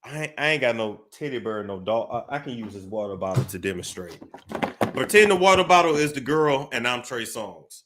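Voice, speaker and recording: A man hosting a celebrity gossip show, telling a story with dramatic pauses, restarts. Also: mid-range voice, animated, noisy background. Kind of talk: casual gossip commentary.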